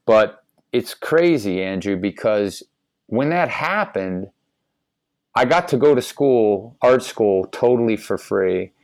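A man's voice: on the low side, animated, takes it slowly, dry recording. A middle-aged man from Ohio, a guest telling his life story in a loose, slangy way, full of "like" and "dude". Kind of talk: casual storytelling.

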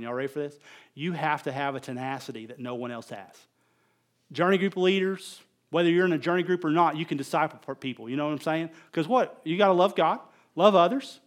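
In a high voice, this middle-aged man delivers a conversational sermon as pastor. He tells animated stories, shifting from loud emphasis to quiet asides.

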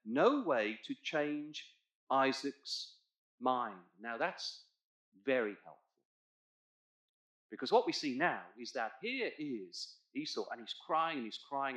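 A man's voice: mid-range voice, sing-song, slow pace, long pauses. A man preaching a Bible sermon, guiding his congregation through the text and rising to emphatic points. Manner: expository, asks congregation to look in their Bibles; emphatic, swells loud on key points. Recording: echoey church hall.

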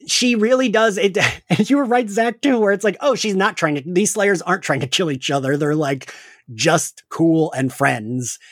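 A man's voice: sits high, normal speed, fairly bright tone, no echo, studio quality. Chatty man laughing between points. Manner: chatty, laughs often, many fillers. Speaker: podcast co-host. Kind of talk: casual chat.

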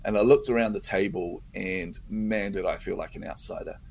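A middle-aged man, a guest in a conversation, telling a story in an animated way and acting out his own inner voice. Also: sits low, moderate pace, creaky.

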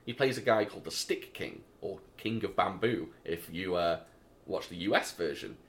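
Lively British man chatting films. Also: low-pitched, moderate pace. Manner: animated, enthusiastic storyteller. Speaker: podcast co-host. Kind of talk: casual film chat.

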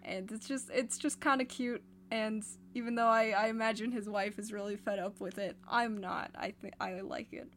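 A woman's voice: mid-range voice, fairly even intonation, moderate pace, hardly any pauses, slight background noise. A woman co-hosting a podcast in casual chat, rambling a little with fillers and restarts. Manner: rambling, hesitant, many fillers. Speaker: podcast co-host.

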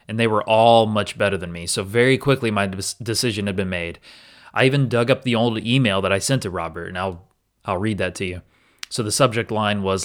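Speaking alone in a reflective podcast episode, a man recounts what he has lived through, earnest and candid, occasionally starting over. His voice is on the low side and a bit bright.

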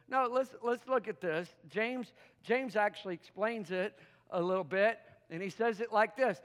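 A man's voice: high voice, moderate pace. A man preaching a sermon as pastor, coaxing the congregation into call-and-response and laughing often in a playful way. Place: church sanctuary. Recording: long hall reverb.

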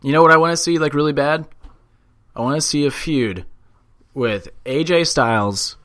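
A man's voice: on the high side, normal speed, a bit bright, no echo. A man co-hosting a laid-back podcast from a small room. He talks loosely and swears freely, now and then slipping into a mocking voice. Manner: loose, profane, does mock voices. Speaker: podcast co-host. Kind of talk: casual wrestling podcast chat.

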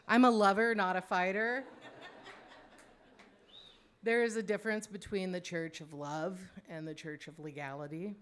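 A woman with a medium-pitched, clean voice tells a personal story aloud. Her delivery is wry and conversational, peppered with asides and fillers.

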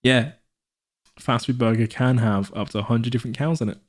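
With a steady tone and a mid-range voice, a man talks a little fast while co-hosting a podcast in casual chat. Rambling and self-correcting, he fills his speech with fillers and restarts and acts out anecdotes in put-on voices.

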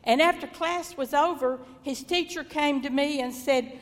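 A woman's voice: high-pitched, normal speed, big-room sound. An older woman with a Southern US accent, a mother reminiscing in a folksy, devout testimony. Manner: folksy, devout, gently chuckling.

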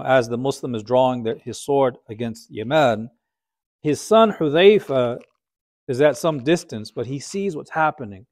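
A man teaching Islamic history as a conversational storytelling lecture, often asking his listeners rhetorical questions. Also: medium pitch.

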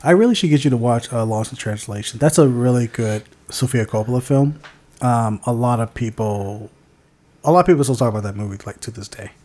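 A man's voice: mid-range voice, brisk, darkish tone. A man co-hosting a casual movie-review podcast, rambling and searching for words as he talks, with the odd swear. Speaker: podcast co-host.

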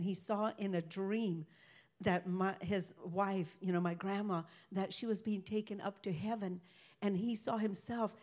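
An older woman giving a rambling, halting personal faith testimony as a ministry speaker. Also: medium pitch, darkish tone.

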